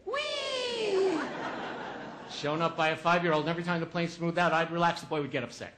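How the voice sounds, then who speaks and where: A man's voice: on the high side, fairly even intonation, rapid-fire, very noisy. A man giving a humorous motivational keynote, telling a story with comic asides and acting out the voices of the people in it. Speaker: keynote speaker.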